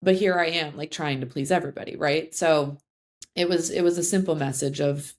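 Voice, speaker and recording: Young woman, college coach, casual interview chat, lowish voice, rambling with fillers. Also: fairly even intonation, fairly quick. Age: young adult. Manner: chatty, many fillers and restarts. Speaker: head field hockey coach.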